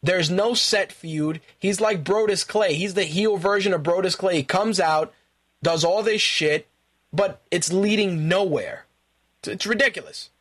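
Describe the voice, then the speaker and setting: A man's voice: high-pitched, measured pace, fairly bright tone, breathy edge. A man hosting a talk radio show, ranting in profane, exasperated bursts and repeating himself when worked up. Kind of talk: ranting wrestling commentary.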